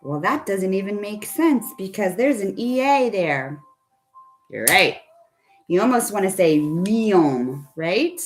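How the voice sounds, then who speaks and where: Slow-talking teacher woman on a video call. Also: mid-range voice, expressive, faint music behind. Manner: patient, coaxing, asks students questions. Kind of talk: online phonics lesson for kids.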